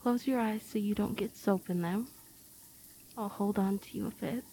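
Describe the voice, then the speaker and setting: A woman's voice: medium pitch, normal speed, dark tone, slightly rough. A woman performing an intimate audio role-play to the listener, playful and teasing, often giggling.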